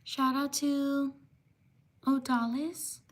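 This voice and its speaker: Woman streamer, high voice, unhurried delivery, reads chat names carefully. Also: little pitch movement. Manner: slow and careful reading names, apologizing quickly. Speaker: livestream host. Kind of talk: live stream shout-outs to viewers.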